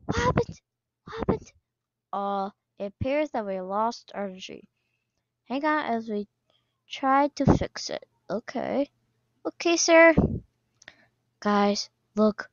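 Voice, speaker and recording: A woman commenting on a game as she plays, excitable, often squealing and laughing. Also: a little high, slow pace, long pauses, dry recording. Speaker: gaming video creator. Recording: slightly dull lo-fi sound, dry.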